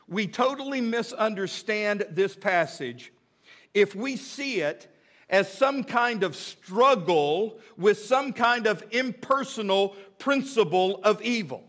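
A man's voice: high voice, fairly bright tone. A man preaching a sermon as pastor, asking the congregation questions and building points with emphatic repetition. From United States.

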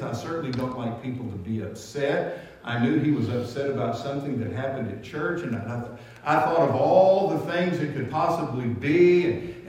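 A male pastor preaching with a fairly high voice, telling stories and often restarting his words. The sound is very echoey, caught from a distance in a large hall. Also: darkish tone. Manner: storytelling with stammered restarts. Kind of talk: sermon. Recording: echoey hall, mic from far off.

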